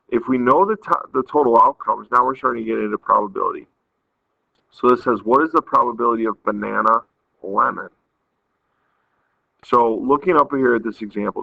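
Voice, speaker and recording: A man's voice: medium pitch, creaky, no echo. A man teaching a math lesson, patiently explaining step by step and counting aloud. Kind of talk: recorded math lesson walkthrough. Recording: tinny phone-like audio, dry.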